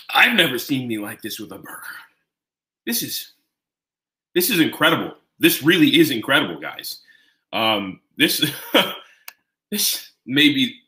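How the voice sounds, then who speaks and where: A man hosting a casual live cooking stream, chatting with his viewers in a rambling way and gushing with excitement as he eats and talks. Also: medium pitch. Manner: gushing with excitement while tasting. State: eating while talking. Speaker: home cook streaming live. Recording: roomy, echoing room sound.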